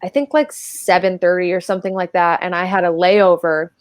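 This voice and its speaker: A woman's voice: fairly low pitch, little pitch movement, a little fast, no room sound. Chatty woman telling stories, dry sound. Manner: chatty, many filler "like"s. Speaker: podcast guest. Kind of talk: casual storytelling chat.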